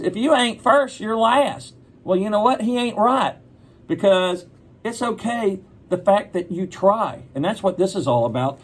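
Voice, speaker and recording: A man reading a picture book aloud to children, chatting and asking them questions as he goes. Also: fairly high pitch.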